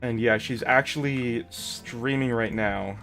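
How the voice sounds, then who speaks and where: A man in casual stream chat, his voice sitting at an ordinary middle pitch. He rambles through long tangents with jokes at his own expense, and faint music plays softly underneath. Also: slow, vocal fry. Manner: rambling, jokey, self-deprecating. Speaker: streamer host.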